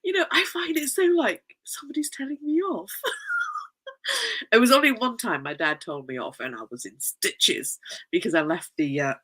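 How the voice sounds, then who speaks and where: A woman's voice: mid-range voice, lively intonation, moderate pace, breathy edge, poor audio. A woman telling stories in a casual, effusive way, often breaking into giggles and repeating phrases for emphasis. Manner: warm, effusive, emphatic repetition. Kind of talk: casual anecdotal storytelling.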